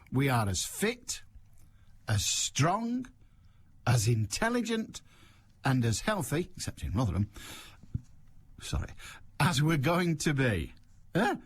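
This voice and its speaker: A man's voice: on the high side, husky. A man hosting a radio phone-in show, delivering a sarcastic, mocking, rambling monologue into a studio microphone.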